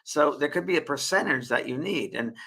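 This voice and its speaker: A man's voice: a little high, expressive, fairly quick, vocal fry, bright, forceful tone, low-quality recording. A middle-aged man hosting a spiritual live show, chatty and prone to getting emotional and tearful as he talks to viewers at a desk mic. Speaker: spiritual medium and show host. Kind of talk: casual live-stream talk.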